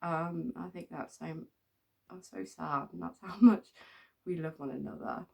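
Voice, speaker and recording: A middle-aged woman from England rambles through her stories, laughing often and filling pauses with ums. Her voice sits low, with a gravelly edge. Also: fairly even intonation, a little mellow. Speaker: vlogger. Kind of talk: casual storytelling.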